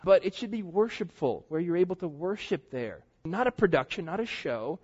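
A middle-aged male pastor gives an earnest, chatty sermon in a church, his slightly high voice carrying a husky edge. The recording is dull and lo-fi. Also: expressive, normal speed, darkish tone. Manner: conversational, earnest preaching with asides.

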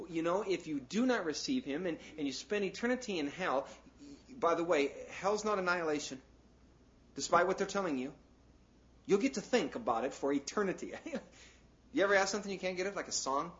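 Animated chatty preacher, a man, lo-fi. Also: on the high side, normal speed. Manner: conversational and animated, with lots of "you know" asides; breaks into jokes and acted asides. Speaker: pastor. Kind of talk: sermon. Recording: dull, lo-fi sound.

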